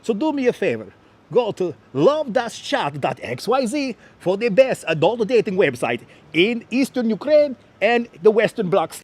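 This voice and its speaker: A man's voice: high voice, very animated, darkish tone, voice pushed up. A man doing a sleazy fake-Russian ad announcer. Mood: hammy. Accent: put-on Russian. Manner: slow, drawn-out salesman delivery. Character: sleazy male announcer with a mock Russian accent. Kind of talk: mock radio advertisement. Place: outdoors on a city street. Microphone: wireless clip-on mic.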